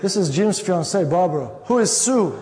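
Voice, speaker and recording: A man's voice: high-pitched, a little fast, background noise, close to an everyday voice. A man voicing a suspicious fiancée who accuses and questions sharply. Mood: accusing. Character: suspicious jealous young fiancée, woman. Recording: long reverb of a lecture hall.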